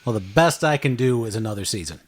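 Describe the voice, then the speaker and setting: A man hosting a podcast in casual chat, with deadpan jokes. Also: fairly low pitch, fast talker, breathy edge. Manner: deadpan joking. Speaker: podcast host.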